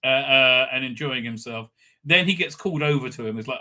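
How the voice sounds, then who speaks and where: A man with a mid-range voice, talking a little fast in a pushed, bright way, hosts a live stream. He casually recaps an episode, rambling, stammering into many restarts, and tagging sentences with "right?"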